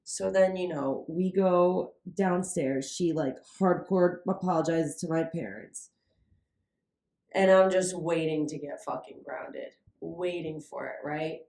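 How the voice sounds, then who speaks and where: A woman's voice: lowish voice, slow, roomy sound. A young adult woman co-hosting a podcast, telling a story casually with lots of "like" and swearing. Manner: animated, heavy use of "like", swearing. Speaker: podcast co-host.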